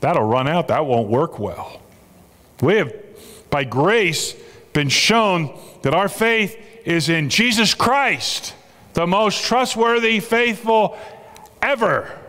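A man's voice: high-pitched, expressive, takes it slowly, bright, forceful tone. A man preaching a sermon as a pastor, emphatic and repeating his key phrases for weight. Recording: long reverb of a large hall.

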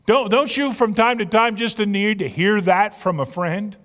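Earnest preacher in a reverberant hall. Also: male voice, high-pitched, takes it slowly, a bit bright. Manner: earnest, conversational preaching with repeated words. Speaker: pastor. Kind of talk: sermon. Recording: long reverb of a large hall.

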